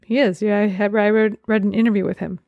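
Gravelly-voiced woman recapping movies. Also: mid-range voice, flat delivery, fast talker, dry recording, narrow, tinny audio. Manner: chatty, recaps scenes with quoted lines. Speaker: podcast co-host. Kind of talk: casual chat about movies.

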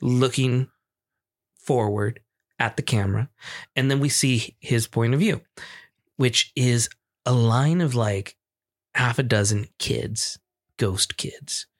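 A young man on a podcast, telling a story with loose energy and plenty of swearing. He acts out the people in it as he goes. His voice sits at an ordinary middle pitch. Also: slow, pauses often. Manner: animated, swearing, acts out screams and quotes. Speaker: podcast co-host. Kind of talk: casual storytelling chat.

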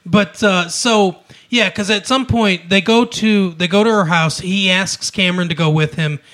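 A man co-hosting a casual podcast chat, retelling a TV episode in an animated way, acting out quoted lines and laughing often. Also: high voice, moderate pace. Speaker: podcast co-host.

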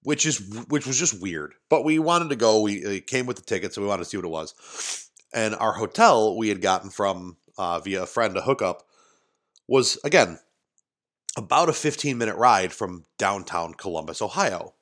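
Low-voiced rambling storyteller man. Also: expressive, moderate pace, a bit bright. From Western New York. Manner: rambling, many restarts and asides. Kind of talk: casual storytelling. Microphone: studio mic, adjusted mid-talk.

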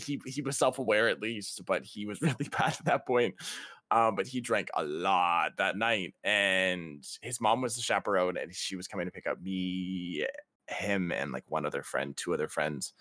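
A young man casually telling a funny story, laughing often and leaping into high voices to quote people. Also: no room sound, clean studio sound. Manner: laughing, animated, jumps to high voices quoting others. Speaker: podcast guest.

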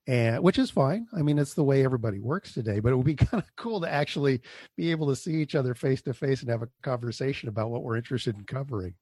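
A man's voice: mid-range voice, quick pace, darkish tone, husky, dry recording, studio quality. A man hosting a podcast, chatting casually with a guest and reading the outro, rambling with fillers. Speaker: podcast host. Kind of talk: casual interview chat and show outro.

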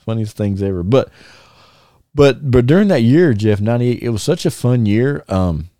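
Relaxed man telling wrestling stories. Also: medium pitch, moderate pace, no room sound, studio quality. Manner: animated, laughing, many restarts and fillers. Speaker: former wrestler, podcast guest. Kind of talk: casual storytelling chat.

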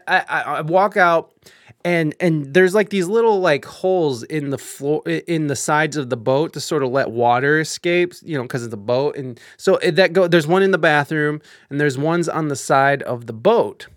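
A young man live streaming, telling a story in a casual, animated way with lots of swearing, fillers and restarts. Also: a little high, moderate pace, no echo, clean studio sound.

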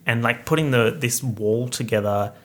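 A man's voice: medium pitch, normal speed, a bit bright, a little hiss or hum. A young man from Perth, hosting his podcast with a chatty, campy update full of slang and self-mockery. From Perth, Australia. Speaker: podcast host. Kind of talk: casual update chat.

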